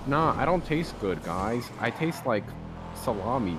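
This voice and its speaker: A man role-playing a laid-back alien in a game, talking deadpan and goofy. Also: medium pitch, a little slow, music in the background, rough recording. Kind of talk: role-play voice chat.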